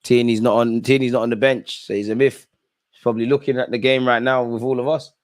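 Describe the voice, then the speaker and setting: A young man hosting a live watch-along of a football match talks fast, with a mid-range voice and flat delivery. He's exasperated by the game and speaks right at the players and referee.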